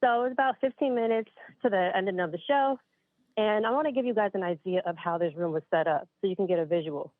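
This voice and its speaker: Medium-pitched and fast, a woman in her late 20s from upstate New York calls in with a spooky story. She's chatty and a bit winded, says "you guys" to listeners, and the tinny phone audio is dry, with no room sound.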